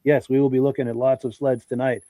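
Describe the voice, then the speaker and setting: A man's voice: medium pitch, little pitch movement, quick pace, mellow, no room sound. A man with a congested voice hosting a live podcast, reading out viewer comments in a friendly, folksy way. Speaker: podcast host.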